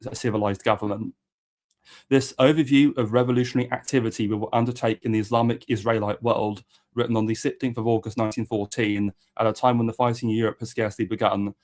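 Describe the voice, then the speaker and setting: A man's voice: on the low side, darkish tone. A man reading a history book aloud as host and adding occasional asides.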